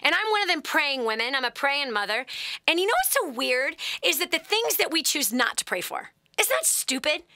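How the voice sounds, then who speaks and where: Bright high-voiced woman hosting advice talk. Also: a little fast, no room sound, studio quality. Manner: animated storyteller, dramatic swings to hushed whispers. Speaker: host.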